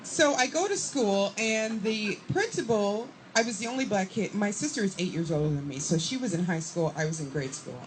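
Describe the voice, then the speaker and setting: A woman comedian telling a profane stand-up story with lively acted-out quotes. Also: mid-range voice, slight background noise, low-quality recording. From Chicago area, USA. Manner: profane, animated, acts out quotes.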